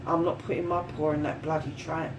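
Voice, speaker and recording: A woman's voice: deep voice, flat delivery, a little fast, recorded from a distance, noisy background, voice pushed down, natural voice. A woman putting on the voice of a fed-up bear that swears bluntly and dismisses someone as it leaves. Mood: scornful.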